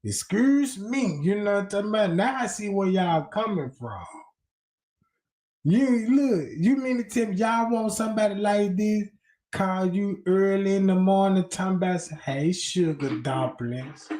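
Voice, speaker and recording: A man's voice: sits high, warm tone, roomy sound. A man hosting a livestream, giving crude, mocking, profane commentary. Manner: mocking, profane, drawn-out delivery. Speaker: livestream host.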